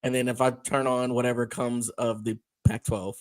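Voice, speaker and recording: A man's voice: mid-range voice, flat delivery, normal speed, dry recording. A man co-hosting a casual sports chat, agreeable and often laughing. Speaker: co-host.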